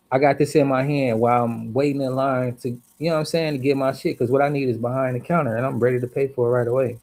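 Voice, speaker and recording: A man tells a story on a livestream as a heated, profane rant, hitting his words hard. His voice has a rough, gravelly edge and sits at a middle pitch. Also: a little mellow. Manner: angry, profane, emphatic.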